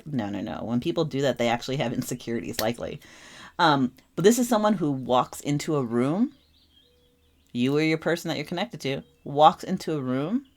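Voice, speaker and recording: A woman's voice: deep voice, darkish tone. A young adult woman giving a casual tarot reading, talking animatedly and repeating phrases for emphasis. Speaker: tarot reader.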